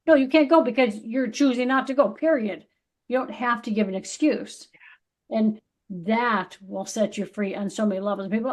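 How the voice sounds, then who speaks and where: A woman's voice: fairly high pitch, normal speed, darkish tone. A middle-aged woman co-hosting a podcast, giving a casual, emphatic spiritual pep talk that is full of swearing and acted-out quotes. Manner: emphatic, swears freely, acts out voices of others. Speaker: podcast co-host.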